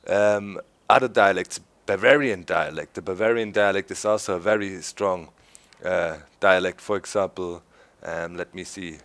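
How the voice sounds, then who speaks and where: A man's voice: fairly low pitch, measured pace. A man from Swabia with a German accent, chatting casually as host of a gameplay video, laughing often. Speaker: let's play host.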